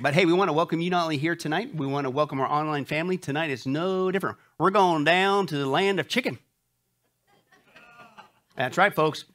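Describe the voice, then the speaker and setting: A man's voice: on the high side, a bit bright. A male pastor giving church announcements and an opening prayer, upbeat and joking, often saying "that's right". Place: church sanctuary before a live congregation.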